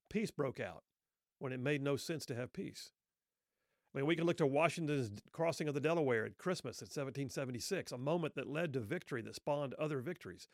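A middle-aged man telling a story earnestly, with rhetorical questions and pauses. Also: medium pitch, gravelly, no echo, clean studio sound. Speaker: speaker telling a Christmas story. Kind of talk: reflective spoken storytelling.

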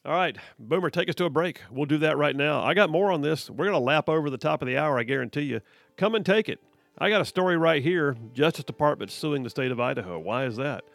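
An emphatic man hosts a talk radio show from the studio with a gravelly edge. His delivery is folksy and energetic. The sound is close and dry, with no room around it. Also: fairly high pitch, fast talker, no echo. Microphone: studio mic.

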